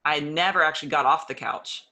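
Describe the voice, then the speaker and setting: A woman's voice: low-pitched, brisk, sharp tone. A woman telling her personal story in an interview, earnest and openly emotional, acting out old conversations as she goes. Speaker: interview guest.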